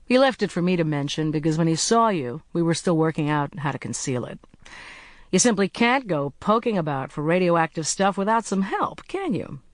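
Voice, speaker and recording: A narrator voicing a cheerful, brisk young male agent in an audiobook. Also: medium pitch, very animated, dry recording, studio quality, close to an everyday voice. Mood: breezy. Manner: brisk, blithe, chatty. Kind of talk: audiobook character voice.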